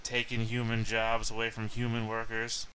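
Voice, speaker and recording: A sneering, bigoted street cop with a low, bright, forceful voice, as a man puts him on at the game table. He talks down with open contempt. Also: monotone, normal speed, slight background noise. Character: bullying bigoted male human cop.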